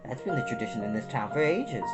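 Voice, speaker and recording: A woman's voice: very deep voice, expressive, quick pace. A woman voicing a cheerful, playful older townsman who talks in a friendly sing-song, with guitar music behind. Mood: jovial.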